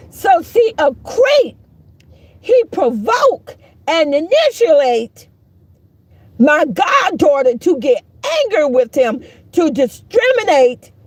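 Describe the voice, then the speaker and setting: A woman's voice: high-pitched, darkish tone, no room sound. A middle-aged woman giving heated, profane, preachy live-stream commentary, mocking the people she talks about.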